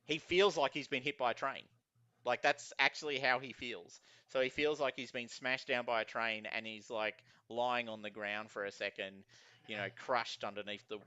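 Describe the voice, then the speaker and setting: A man running a tabletop game, talking through scenes in a loose, filler-heavy ramble. His voice is bright and smooth, recorded dry with a slightly dull, lo-fi sound. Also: lowish voice, dry recording. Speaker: game master.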